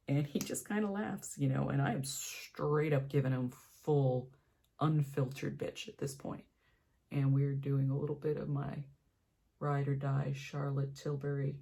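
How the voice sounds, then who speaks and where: A woman's voice: extremely low pitch, a little slow, gravelly, husky. A young woman beauty vlogger doing her makeup while telling a story, acting out the voices of the people in it. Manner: animated storyteller, acts out quoted voices.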